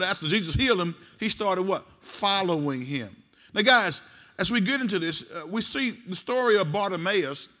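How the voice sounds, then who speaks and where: Male pastor, high bright voice, call-and-response sermon delivery. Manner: call-and-response preaching, rising to shouts.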